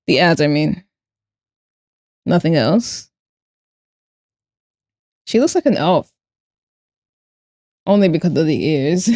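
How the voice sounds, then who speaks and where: Drawing on a live stream, a young woman talks casually to her chat and keeps dissolving into giggles. She speaks in a lowish, darkish, animated voice at a slow pace with frequent pauses, captured in studio quality with no echo.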